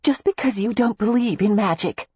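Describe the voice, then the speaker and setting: A woman's voice: a little high, measured pace, breathy edge, no room sound, dull audio, pitched above the performer's own voice, heavily acted. A woman voicing a playful, teasing young American heiress in an audiobook. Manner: teasing, lively.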